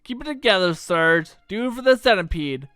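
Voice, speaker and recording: A man's voice: sits high, expressive, fairly quick, clear, resonant tone, dry recording, clean studio sound, faint music behind, voice pushed up. A man putting on a brash young female thief. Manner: cocky, slangy, drops into shouts of rage. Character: brash young female thief with a rough Australian-style twang.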